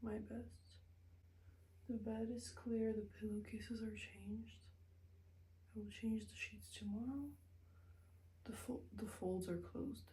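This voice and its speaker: A young woman talking candidly to the camera in a rambling vlog, often dropping into soft whispers. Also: mid-range voice, steady tone, takes it slowly, pauses often, rough recording. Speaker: vlogger. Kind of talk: casual confessional vlog.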